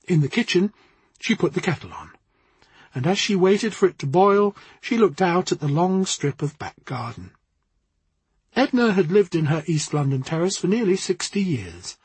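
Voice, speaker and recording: A man narrates a story with an expressive, wry delivery. His voice is high and lively, with a husky, breathy texture, and it sounds dry and close. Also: normal speed, no room sound.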